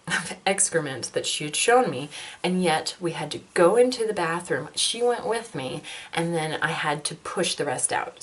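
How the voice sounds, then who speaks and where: A woman, likely in her twenties, telling a candid personal health story with self-deprecating humor and frequent laughter. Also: lowish voice.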